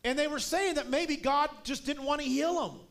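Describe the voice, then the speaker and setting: High-voiced preacher telling a story. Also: male voice, normal speed, creaky. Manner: storytelling, building to shouted emphasis. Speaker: guest preacher. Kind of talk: sermon.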